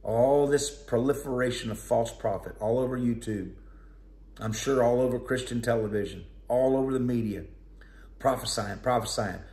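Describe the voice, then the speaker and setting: A man's voice: medium pitch, moderate pace, warm tone. A man delivers a conversational, plainspoken sermon with a mid-range voice. His words ring in an echoey room. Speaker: preacher.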